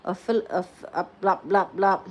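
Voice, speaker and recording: A woman's voice: medium pitch, steady tone, normal speed, darkish tone. A woman giving a live-stream tarot reading and chatting casually, tired, laughing often and swearing freely. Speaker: tarot reader.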